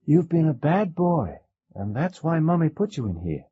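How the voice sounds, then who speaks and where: A man's voice: mid-range voice, big pitch swings, moderate pace, pitched above the performer's own voice, natural voice. A man reading an audiobook, voicing a tired young mother who coaxes her child, sometimes harshly. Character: weary, tense young mother. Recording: dull lo-fi cassette recording.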